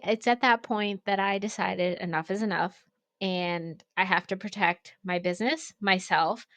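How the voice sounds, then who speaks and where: A young woman co-hosting a podcast, telling a story in a casual, animated way, acting out quotes and using lots of fillers. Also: mid-range voice, smooth, no echo. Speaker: podcast co-host, ceramics studio owner.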